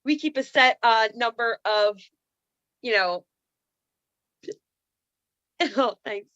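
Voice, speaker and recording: A woman's voice: a little high, takes it slowly, a bit bright, no room sound, highs cut off. A woman in her thirties telling comedic stories on a video call, sassy and self-mocking with playful asides. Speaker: comedian and speaker. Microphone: computer mic on a video call.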